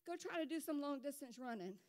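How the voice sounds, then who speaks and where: Woman pastor, fairly high voice, lively conversational sermon with lots of rhetorical questions, live in a church. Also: fairly quick. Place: church sanctuary.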